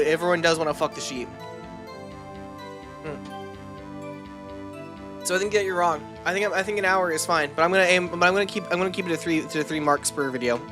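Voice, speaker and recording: A woman streaming a game who chats casually with her viewers, rambling and swearing offhandedly. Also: low voice. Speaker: VTuber streamer.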